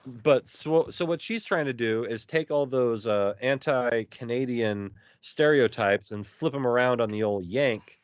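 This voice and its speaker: A man co-hosting a podcast in casual chat, quick with jokes and banter. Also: mid-range voice, no room sound. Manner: joking, banter, quips. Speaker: podcast co-host. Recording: dull dry podcast audio.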